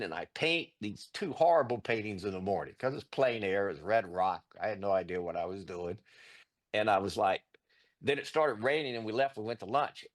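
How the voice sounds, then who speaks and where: Middle-aged guy rambling thru art stories, low voice, lots of restarts, gets animated. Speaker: guest artist. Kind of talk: casual interview storytelling.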